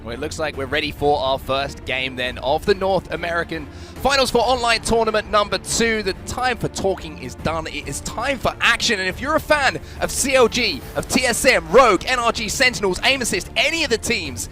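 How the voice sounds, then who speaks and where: A male esports caster calling the action at a quick clip, his voice bright and forceful as he hypes the viewers. He sits a touch high in pitch, with faint music running under him. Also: expressive. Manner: upbeat, hyping the audience. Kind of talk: play-by-play commentary.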